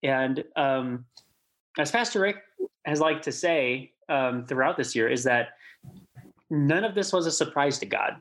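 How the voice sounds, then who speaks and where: A man's voice: mid-range voice, animated, unhurried, a bit bright. Friendly guy hosting a church podcast, chatty, lots of ums and you-knows. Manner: chatty, upbeat, many fillers. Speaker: podcast co-host. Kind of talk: casual podcast chat.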